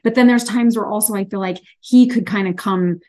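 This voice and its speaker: A woman podcast host talking candidly and chattily in a casual conversation, quick to laugh. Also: medium pitch, darkish tone.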